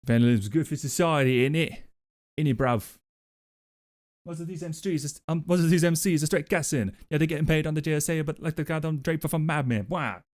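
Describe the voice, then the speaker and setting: A man's voice: a little high, a little fast, a little mellow, no room sound, studio quality, voice pushed up, lightly acted. A man putting on a cheeky lad. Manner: cheeky, slangy banter. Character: mock British lad, cheeky and slangy.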